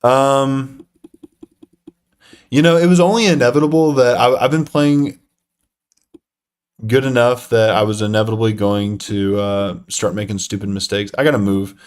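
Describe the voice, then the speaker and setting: A man's voice: medium pitch, steady tone, normal speed, pauses often, clear, resonant tone. A young man live-streaming a chess game, talking to himself and chat with lots of fillers and self-deprecating groans.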